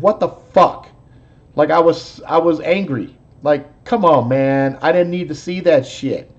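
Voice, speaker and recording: A man's voice: fairly high pitch, a little mellow, muffled recording. A man hosting a live show, chatting casually in a profane, rambling, laid-back way. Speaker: host. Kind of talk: casual chat, movie talk.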